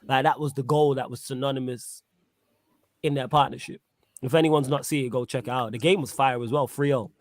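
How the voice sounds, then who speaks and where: A man hosting a casual football chat, slangy and animated, laughing often. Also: medium pitch, fairly quick, no room sound. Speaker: podcast host.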